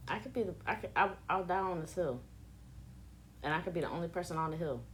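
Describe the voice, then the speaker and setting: A woman's voice: lowish voice, fast, a little hiss or hum. A woman streaming live and chatting casually with her viewers, profane and playful, teasing them back and repeating words to check how she says them. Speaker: livestreamer reading chat.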